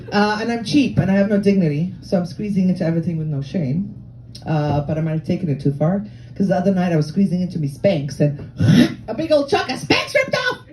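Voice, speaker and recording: A woman's voice: fairly low pitch, brisk, mellow, a little hiss or hum, poor audio. A woman in her forties from Lebanon and Canada, doing a brash, profane, self-mocking stand-up comedy set on a comedy club stage. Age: 40s. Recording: live club crowd laughing.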